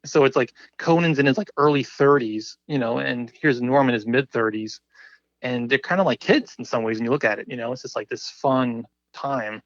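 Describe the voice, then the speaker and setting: A man's voice: medium pitch, moderate pace, dry recording, muffled recording. A man talking as a podcast guest in casual chat, rambling with lots of filler words.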